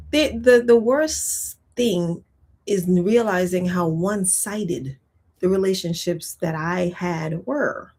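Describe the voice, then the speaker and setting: A woman's voice: lowish voice, animated, measured pace, darkish tone. A woman in her thirties chatting to camera in a casual, reflective way, laughing often and using many fillers. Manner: talks while eating and sipping. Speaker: vlogger.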